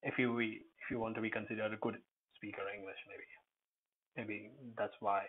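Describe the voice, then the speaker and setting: A man giving a rambling English pronunciation lesson, pausing often and drifting into asides. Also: on the low side, flat delivery, slight background noise. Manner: digressive, with many pauses and fillers. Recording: phone-like narrow sound.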